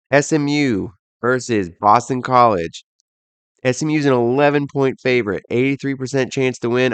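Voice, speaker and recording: A young man hosts a laid-back football podcast alone, listing bowl odds and his picks in a throwaway, self-deprecating style. He talks a little fast in a voice on the low side, captured in a dry recording.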